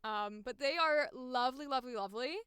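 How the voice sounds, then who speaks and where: A woman's voice: sits high, fairly quick, fairly bright tone, smooth, no room sound, clean studio sound. A woman chatting casually on a live stream about her voice acting takes, often breaking into giggles. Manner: giggly, bursts into squealing laughs. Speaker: voice actor streaming auditions.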